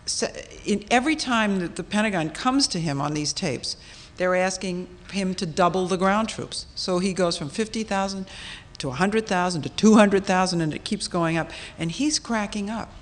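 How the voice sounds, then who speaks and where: A woman moderating an audience Q&A at a public talk, talking in a brisk, conversational way. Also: mid-range voice. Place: auditorium stage.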